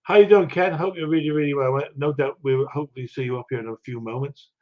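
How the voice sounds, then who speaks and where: A man's voice: a little high, fast talker. An older man hosting a live stream, chatting casually and chuckling while he greets viewers from the chat. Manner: chatty, rambling, chuckles often. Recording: dull lo-fi audio.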